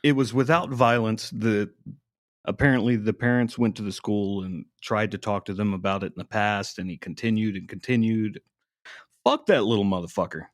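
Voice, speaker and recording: A man's voice: lowish voice, fairly even intonation, normal speed, no echo, clean studio sound. A man on a casual podcast chat, talking bluntly with lots of swearing and sarcasm. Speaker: podcast co-host.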